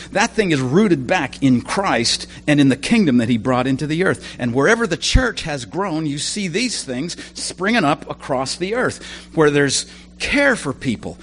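A male preacher talks through a sermon in an easy, conversational way, full of asides and personal stories. His pitch rises and falls freely as he speaks. A faint hum sits under the recording.

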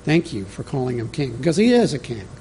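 Mellow-voiced male pastor preaching. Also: mid-range voice, sing-song, fairly quick, slight background noise. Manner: conversational, teaching from an outline, talks directly to the congregation. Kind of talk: sermon.

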